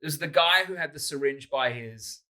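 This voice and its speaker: Australian male comic co-host, quick jokes, bright tone. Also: a little high, animated. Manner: joking, jumps into funny put-on voices. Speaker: comedian podcast co-host. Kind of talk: casual chat.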